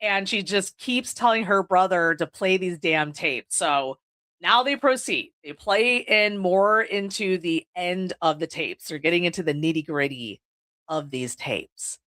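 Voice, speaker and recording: A podcast host recording video indoors walks through a horror movie in a casual recap, swearing freely and saying "like" constantly. She speaks on the low side, animated and a little slow, with a slightly bright sound.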